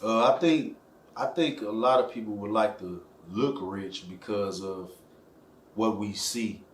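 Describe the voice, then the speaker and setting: A man's voice: on the low side, a little slow, slight background noise. A man being interviewed who talks in a rambling way, with lots of fillers. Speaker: interview guest. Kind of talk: casual interview talk. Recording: echoey room with faint ambience.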